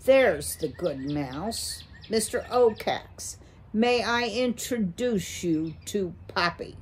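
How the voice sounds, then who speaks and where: A woman's voice: mid-range voice, expressive, slow pace, slightly rough. A woman voicing a nervous, fawning father mouse straining to sound jaunty. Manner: jaunty, flustered.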